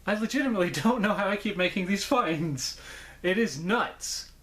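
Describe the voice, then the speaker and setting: A man's voice: sits high, animated, normal speed, a bit bright. Enthusiastic rambling male collector. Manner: enthusiastic, rambling, self-correcting. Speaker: puppet collector, channel host. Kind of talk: casual unboxing vlog.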